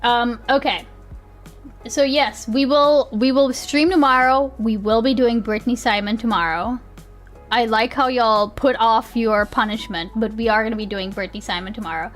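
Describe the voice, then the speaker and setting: A woman's voice: fairly high pitch, steady tone, normal speed, faint music behind. A young woman streamer chatting casually with her viewers. She rambles, laughs often and swears easily. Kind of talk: casual live-stream chat.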